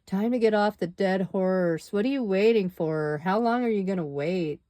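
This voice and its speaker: A woman's voice: mid-range voice, moderate pace, mellow, dry recording. A woman doing a tarot reading, musing and dramatic, with exclamations and sighs. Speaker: tarot reader.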